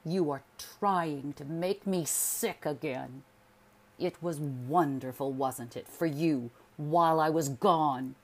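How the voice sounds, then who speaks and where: A woman voicing a bitter, sickly husband who accuses his wife in loud, slow, forceful lines, read as a storybook figure. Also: low-pitched, exaggerated voice. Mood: angry.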